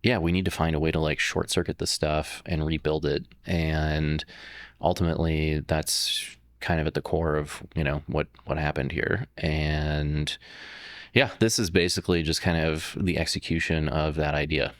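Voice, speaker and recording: Man, extremely low voice, dry close sound, casual guest, loose rambling talk. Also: flat delivery, normal speed, no echo. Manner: rambling, many fillers and restarts. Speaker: startup founder and CEO, guest. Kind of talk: casual interview conversation.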